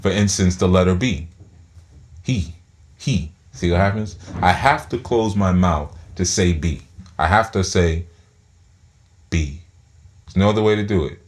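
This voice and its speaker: A man's voice: sits low, normal speed. A man giving a spiritual teaching talk, speaking through his teeth and often repeating words as he thinks aloud.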